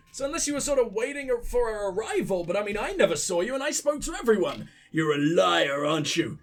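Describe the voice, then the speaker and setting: High-voiced sniffly gaming commentator. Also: male voice. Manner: profane, rambling, joking. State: sick with sniffles. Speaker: let's play host. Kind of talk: gameplay commentary.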